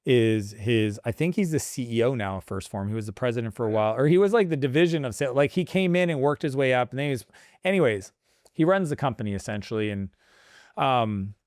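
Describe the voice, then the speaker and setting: Animated man telling stories, dry sound. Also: mid-range voice, no room sound. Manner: animated storytelling, acts out dialogue. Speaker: guest entrepreneur. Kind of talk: casual podcast conversation.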